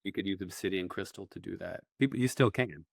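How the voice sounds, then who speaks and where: Low-voiced man podcast co-host. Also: fast, gravelly, dry recording, studio quality. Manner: relaxed, chimes in with short agreements. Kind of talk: casual chat.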